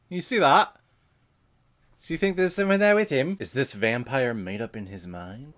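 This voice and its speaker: A man hosting a casual movie watch-along, reacting with excited, profane, laughing commentary. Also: mid-range voice, moderate pace.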